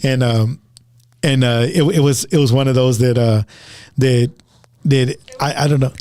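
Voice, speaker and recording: A man's voice: mid-range voice, fairly even intonation, a little slow, a little mellow. A man hosting a casual talk show, telling a story to listeners in a rambling way, often repeating words and starting over. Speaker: podcast host.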